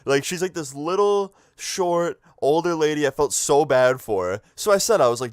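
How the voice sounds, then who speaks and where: A man's voice: fairly high pitch, animated, moderate pace, few pauses, clean tone, dry recording, clean studio sound. Casual, swearing young man telling a story. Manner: casual, swears a lot, lots of "like". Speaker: vlogger.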